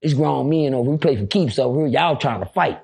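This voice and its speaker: A man voicing a gruff older male prison convict who gives a stern, lecturing warning. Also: medium pitch, animated, quick pace, a little mellow, pitched below the performer's own voice.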